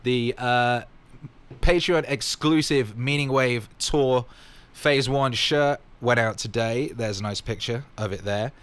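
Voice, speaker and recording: A man's voice: mid-range voice, slow, a bit bright, clear, resonant tone. A man casually answering fan questions in his vlog, rambling and upbeat with plenty of fillers.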